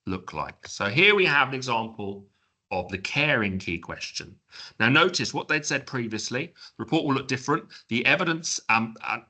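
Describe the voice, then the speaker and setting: A man giving a webinar presentation, explaining in an informal, chatty way with joking asides and quick self-corrections. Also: fairly low pitch, pushed and bright.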